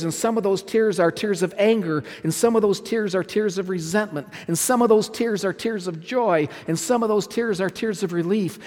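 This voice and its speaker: A man's voice: a little high, a little mellow. A male pastor preaching a sermon, emphatic, repeating phrases and putting questions to his listeners. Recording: long hall reverb.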